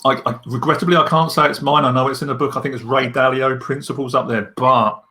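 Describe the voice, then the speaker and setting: A man, talking as a leadership coach in a podcast interview. He is candid and animated as he tells stories. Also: mid-range voice, quick pace.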